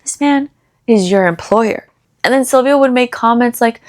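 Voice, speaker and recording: A young woman chatting through a book review, retelling the plot in a gossipy, animated way with lots of fillers and quick asides. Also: a little high.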